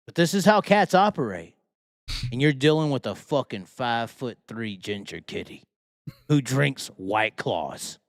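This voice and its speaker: A man hosts a live show in a heated, foul-mouthed rant, firing rhetorical questions at his listeners. His pitch swings widely from line to line. The sound is dry and close, with no room to speak of. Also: sing-song, measured pace, dry recording. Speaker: host. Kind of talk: profane live-stream rant.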